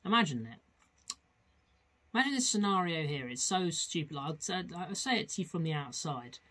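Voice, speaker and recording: A man's voice: fairly high pitch, lively intonation, moderate pace, pushed and bright. A man hosting a comedic vlog, talking in a rambling, crude way with frequent restarts. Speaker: vlog host. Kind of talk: casual comedic vlog chat.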